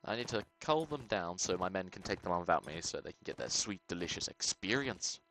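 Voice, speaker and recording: A man's voice: deep voice, a little fast, a little hiss or hum, poor audio. Man swearing through gameplay commentary. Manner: excitable, swearing, mutters to himself. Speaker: gaming channel host.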